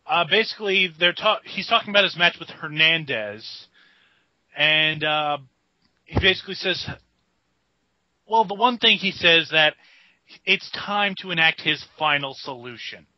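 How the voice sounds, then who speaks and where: A man's voice: fairly high pitch, expressive, a little slow, pauses often, no echo. A man co-hosting a casual podcast, blunt and exasperated. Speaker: podcast co-host. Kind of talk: casual chat. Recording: dry, dull lo-fi sound.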